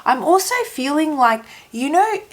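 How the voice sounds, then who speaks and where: Soft-spoken woman losing her voice. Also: sits high, expressive. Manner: gentle, halting, repeats phrases while searching for words. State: losing her voice, throat catching. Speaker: tarot reader. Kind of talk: intuitive tarot reading to camera.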